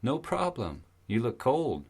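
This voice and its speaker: A man's voice: medium pitch, wildly swooping pitch, measured pace, a little mellow, slightly rough, voice pushed up, full character voice. A man voicing a friendly male climber with a British accent, lighthearted and easygoing.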